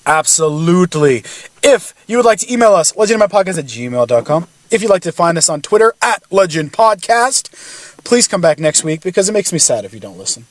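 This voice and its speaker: Casting: young man, podcast host, higher voice, crude jokey banter, dry close sound. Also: big pitch swings, brisk, no room sound. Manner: joking, crude, self-mocking.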